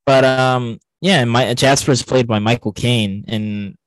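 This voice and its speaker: A man's voice: medium pitch, steady tone, slow pace, dry recording, low-quality recording. A man co-hosting a podcast, chatting casually about a film and rambling with many fillers and restarts. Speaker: podcast co-host.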